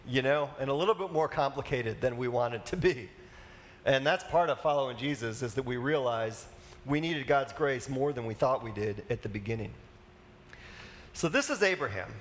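Chatty male pastor preaching casually. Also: medium pitch. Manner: casual, chatty, with asides and fillers. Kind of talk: conversational sermon.

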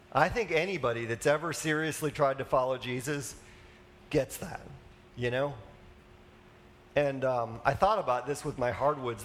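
A man's voice: medium pitch, fairly bright tone. A man preaching a conversational sermon as a pastor, casual and chatty, with asides and fillers.

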